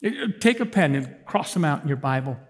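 A man giving a sermon as a lay preacher, animated and swinging between shouts and hushed tones. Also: fairly high pitch, a little fast, in a large hall.

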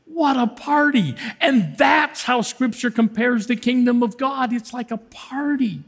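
Man, lay preacher, sermon, high voice, animated, loud to hushed. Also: a little slow, breathy edge, in a large hall. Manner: animated, swings between shouting and hushed tones.

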